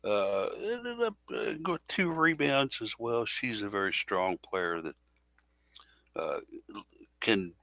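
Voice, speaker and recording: A man co-hosting a casual sports podcast, talking in a halting way with many fillers and self-corrections. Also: fairly low pitch, sing-song, vocal fry, pushed and bright, no echo. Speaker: podcast co-host.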